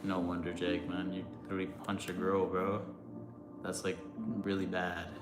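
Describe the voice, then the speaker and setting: Deep-voiced young man chatting on stream. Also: completely flat delivery, moderate pace. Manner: loose, rambling, many fillers. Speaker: livestream host answering chat. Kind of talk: casual livestream chat. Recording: roomy sound with music behind.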